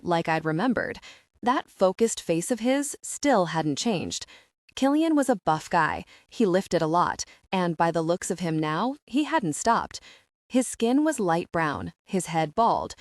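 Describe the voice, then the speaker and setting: A woman narrating a romance audiobook in a steady, even reading voice. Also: on the low side, no echo, clean studio sound. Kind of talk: scripted narration.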